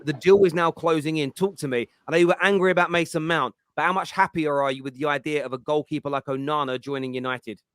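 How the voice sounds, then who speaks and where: A man's voice: on the high side, fairly bright tone, smooth, no room sound. A man hosting a casual football panel chat, jokey and playful. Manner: jokey, playful, quick patter. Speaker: host.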